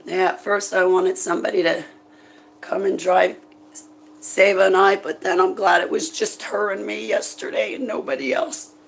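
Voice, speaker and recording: A grieving woman, tearful and halting, chatting emotionally and rambling to her viewers. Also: medium pitch, steady tone, creaky, poor audio. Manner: halting, rambling and raw with grief. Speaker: vlogger talking to viewers. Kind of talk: emotional live chat to viewers.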